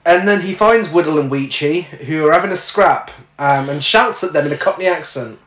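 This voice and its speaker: A man's voice: on the high side, moderate pace, fairly bright tone. A man co-hosting a casual podcast, recapping a film plot with dry jokes and swearing. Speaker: podcast co-host. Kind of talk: casual chat. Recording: echoey room.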